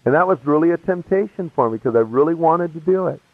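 Giving a storytelling testimony, a man recounts his conversion casually and animatedly, acting out every voice of the people involved. He talks fast in a voice on the high side, and the recording is tinny, phone-like and dry with no echo.

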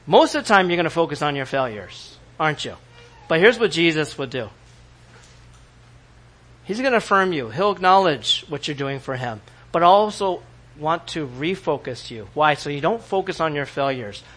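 A man preaching to his congregation, lively and animated, often turning to them with questions. His voice sits a little high for a man. He acts out the people he quotes in his own voice. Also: moderate pace. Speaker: pastor. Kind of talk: sermon.

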